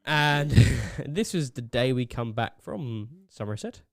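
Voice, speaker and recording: A young man co-hosting a podcast, giving excitable running commentary between laughs at a desk mic in a small home studio. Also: medium pitch, slow, creaky, dry recording. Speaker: podcast co-host. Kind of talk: casual chat.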